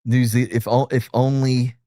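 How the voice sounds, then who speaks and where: A man's voice: medium pitch, level tone, moderate pace, mellow, no room sound. A man hosting a casual chat in a loose, joking, profane way. His voice sits in an ordinary middle register. The sound is dry and close, with no room around it. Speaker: host.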